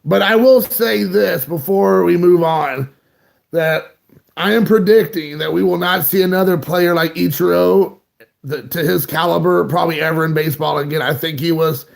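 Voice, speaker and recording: A man's voice: sits high, moderate pace, creaky. A man hosting a live stream, chatting casually and rambling while greeting viewers by name.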